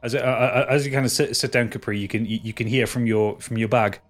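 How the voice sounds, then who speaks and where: A man's voice: mid-range voice, fairly even intonation, fast talker, soft background music. A man narrating as game master in a casual, laughing way, often restarting his sentences.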